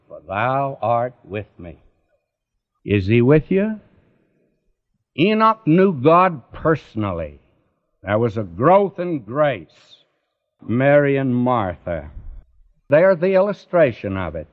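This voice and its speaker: A man's voice: mid-range voice, highs cut off. A man preaching a Bible sermon, earnestly addressing the listener directly.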